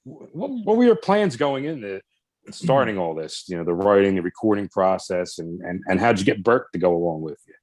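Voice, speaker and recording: A man's voice: deep voice, big pitch swings, brisk, darkish tone. Giggly man hosting a podcast. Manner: giggly, keeps restarting his intro. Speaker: podcast host. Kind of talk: casual podcast chat.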